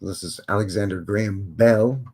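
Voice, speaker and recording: Man, livestream host, lowish voice, casual photo commentary, jokey and rambling. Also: moderate pace, a little mellow, slightly rough. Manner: joking, rambling, wry asides.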